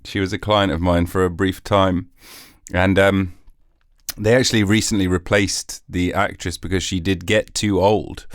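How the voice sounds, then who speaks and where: Low-voiced, rambling podcast host. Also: male voice, flat delivery, moderate pace, no echo, clean studio sound. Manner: rambling, laughing, swearing. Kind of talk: casual comic chat.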